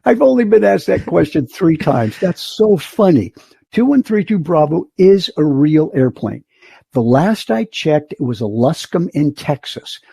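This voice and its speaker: Lively, husky older storyteller. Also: male voice, fairly high pitch, measured pace, no room sound. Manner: animated storyteller, acts out the voices of others. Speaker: guest, flight instructor. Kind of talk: storytelling in a podcast interview.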